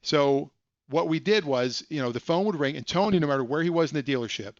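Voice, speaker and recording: A man telling a story on a live stream from his home computer, chatty and quick with a joke. His voice sits a little high. The audio is dull and dry, like a computer mic. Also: dry recording. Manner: chatty, self-deprecating, joking asides. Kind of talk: casual storytelling.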